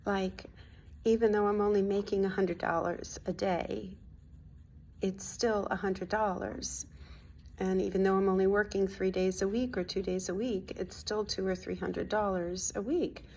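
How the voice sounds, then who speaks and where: A woman talking through a personal spiritual vlog in a heartfelt, confiding way, at times dropping to a soft near-whisper. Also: mid-range voice, fairly even intonation, unhurried. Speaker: hypnotherapist and spiritual vlogger.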